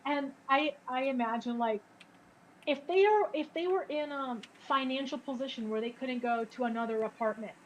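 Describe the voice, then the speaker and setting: A woman's voice: high voice, normal speed, slight background noise, low-quality recording. A woman co-hosting a casual call-in show, rambling through long thoughts with many "like"s and restarts. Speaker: co-host.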